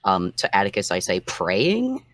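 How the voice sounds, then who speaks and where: A man playing a tabletop role-playing game, talking quick, casual and offhand. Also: sits low, very animated, no echo. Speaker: player.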